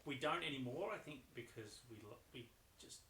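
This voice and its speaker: A man from a band chatting casually, excitable and swearing. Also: medium pitch, fairly quick, roomy sound, a crowd in the background, low-quality recording. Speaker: band member guest. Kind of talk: casual chat.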